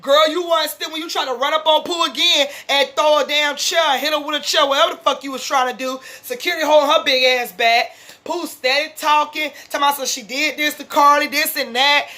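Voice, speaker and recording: A woman's voice: high voice, steady tone, a little fast, bright, forceful tone. A woman vlogger, ranting bluntly and profanely as she recaps a reality show episode. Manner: fired-up, blunt, heavy profanity. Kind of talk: casual recap rant.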